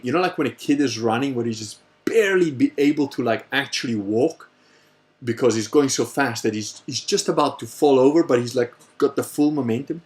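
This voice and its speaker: Man, middle pitch, casual livestream Q&A, rambling storyteller, profane, animated. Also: brisk. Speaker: host answering viewer questions.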